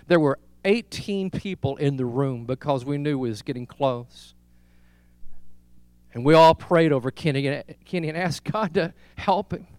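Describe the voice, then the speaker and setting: A man's voice: a little high, clear, resonant tone, no room sound. A man preaching a sermon as a pastor, telling stories and building to repeated rhetorical questions.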